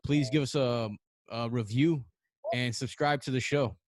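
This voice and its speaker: A man's voice: mid-range voice, fairly even intonation, unhurried, dry recording, studio quality. A man hosting a casual podcast chat over an online call, laid-back, with many fillers and restarts. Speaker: podcast host.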